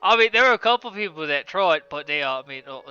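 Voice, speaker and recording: A man at a tabletop game, talking excitedly and swearing when flustered. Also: on the high side, fast talker, clear, resonant tone, highs cut off, faint music behind. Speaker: player. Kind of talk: casual banter at a tabletop game.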